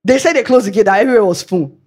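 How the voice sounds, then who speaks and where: A woman's voice: mid-range voice, rapid-fire, darkish tone. A woman with a Nigerian accent preaching a sermon, telling chatty anecdotes and laughing along the way. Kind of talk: storytelling sermon.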